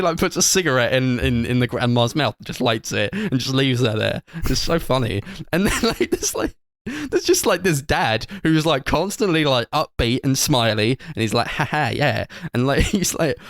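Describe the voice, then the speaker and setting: A man's voice: medium pitch, no echo, clean studio sound. A man co-hosting a casual film review podcast, rambling with lots of fillers and giggling as he retells scenes. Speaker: podcast co-host.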